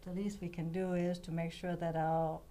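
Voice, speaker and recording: A woman's voice: on the low side, flat delivery, normal speed, dark tone. A woman in her fifties from Denmark, a guest on a radio show, telling her story in an earnest way. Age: 50s. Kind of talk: casual radio interview.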